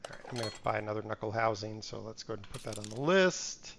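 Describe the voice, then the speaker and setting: This streamer's voice is fairly low and a bit bright, with vocal fry, and he speaks rapid-fire. While gaming live he chats casually with his audience, rambles, talks to himself and mutters part numbers. A little hiss or hum runs under the audio.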